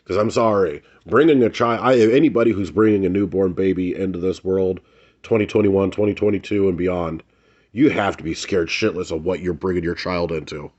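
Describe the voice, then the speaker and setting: Angry, profane man ranting, low voice. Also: fairly quick, a little mellow, muffled recording. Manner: angry, blunt and profane, repeats phrases for emphasis. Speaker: vlogger. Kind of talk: heated ranting commentary to camera.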